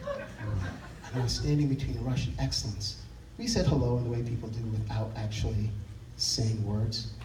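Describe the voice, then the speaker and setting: A man's voice: medium pitch, normal speed, a little mellow, a little hiss or hum. A man telling a wry, self-mocking comic story on stage at a live show. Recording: distant roomy live stage recording.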